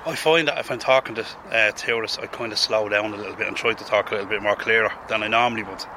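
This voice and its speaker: A man's voice: lowish voice, steady tone, quick pace, background noise. A man with a Dublin accent, speaking plainly in a street interview. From Ireland.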